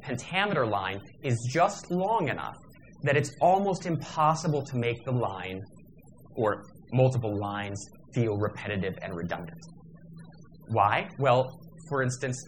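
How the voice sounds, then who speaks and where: A man's voice: mid-range voice, fairly bright tone, slight background noise. A man giving a workshop lecture in a discursive, digressive manner, with fillers and self-corrections.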